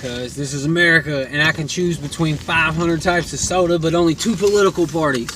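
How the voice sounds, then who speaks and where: A man's voice: on the high side, fairly quick. A man who is a guest on a podcast, speaking earnestly in casual conversation. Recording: clear background noise.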